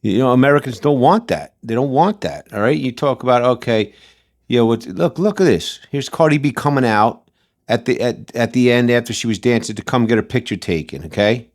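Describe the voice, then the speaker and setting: A man's voice: mid-range voice, expressive, fairly quick. A man hosting a commentary channel, ranting in a blunt, combative, slangy way and repeating his points. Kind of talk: casual commentary rant.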